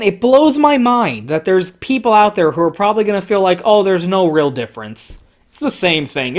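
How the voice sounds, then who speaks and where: A foul-mouthed man delivers a sarcastic comic commentary with deliberate slowness. His voice lurches between excited peaks and mocking, lowered asides. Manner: sarcastic, profanity-laden ranting; swings between excited highs and mocking lows. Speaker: comic book reviewer. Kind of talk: profane commentary reading comic panels.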